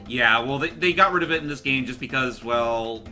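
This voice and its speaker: A man's voice: mid-range voice, brisk, bright, forceful tone, faint music behind. A man hosting a casual video game review chat, rambling and correcting himself as he goes. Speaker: host.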